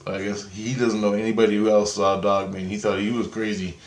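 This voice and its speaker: A man telling a rambling story in a monologue, excitable and cursing freely, retelling a conversation line by line. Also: fairly low pitch, brisk, roomy sound, slight background noise, low-quality recording. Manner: excitable, swears freely, retells dialogue with many "I go, he goes". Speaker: vlogger.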